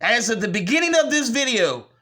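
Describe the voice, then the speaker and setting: A man's voice: very high voice, big pitch swings, fairly quick, sharp tone. A man from the United States hosting his own channel, giving combative commentary full of profanity and scorn. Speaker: channel host. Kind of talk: ranting commentary.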